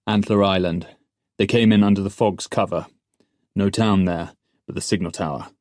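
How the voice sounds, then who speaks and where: A man voicing a prince who speaks calmly and with steady command. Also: low voice, moderate pace, dry recording, studio quality, natural voice. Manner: calm, commanding. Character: calm, steady prince, a military leader.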